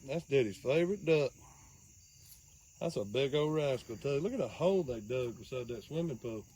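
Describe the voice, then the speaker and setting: A man's voice: medium pitch, expressive, moderate pace, dark tone, husky. A man, chatting playfully and doting on a toddler while doing farm chores outdoors. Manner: playful, doting, talks baby-talk style to a toddler. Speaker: homesteader and co-host. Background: faint crickets and farm animals.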